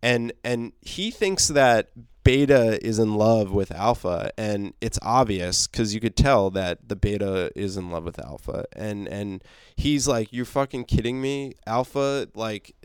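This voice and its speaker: Man, comic recap host, low smooth voice, loose chatty delivery. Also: unhurried, dry recording, clean studio sound. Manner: rambling, many fillers, laughs, swears. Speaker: comic book reviewer. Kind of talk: casual recap.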